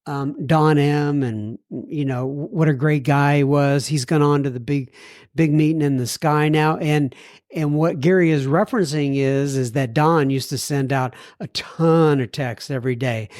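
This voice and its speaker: A man's voice: on the high side, darkish tone, no echo, clean studio sound. A man hosting a recovery podcast, reading listener mail in a folksy, self-deprecating way. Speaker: podcast host.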